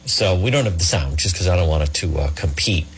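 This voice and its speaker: A man's voice: low voice, animated, fairly quick. A middle-aged man hosting a talk radio show, ranting in an indignant, rambling way and repeating himself. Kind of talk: opinionated talk radio monologue, also streamed live.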